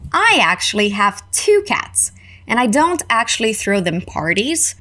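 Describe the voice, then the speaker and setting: A woman with a Canadian accent teaching an English lesson and repeating phrases slowly for learners. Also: on the high side, pushed and bright. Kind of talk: slow, clear language lesson.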